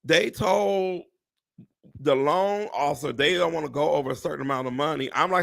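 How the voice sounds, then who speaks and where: A real estate agent chats casually with viewers on a live stream, animated and exclamatory, swearing and addressing "y'all" directly. His voice sits on the high side, creaky, at a normal speed.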